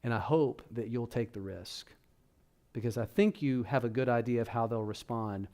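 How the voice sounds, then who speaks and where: A man's voice: mid-range voice, normal speed, darkish tone. A man speaking to parents at a church workshop, talking to the audience in a conversational, direct way. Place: church hall.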